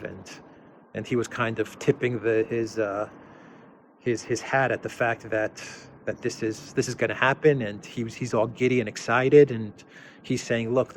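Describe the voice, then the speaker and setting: A man hosts an off-the-cuff commentary show. His voice sits at an ordinary middle pitch, and he hesitates, repeats words and piles up fillers before landing firmly on his points. A faint ambient noise runs beneath the recording. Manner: hesitant, many restarts and fillers, emphatic. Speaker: political commentary host. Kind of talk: unscripted commentary monologue.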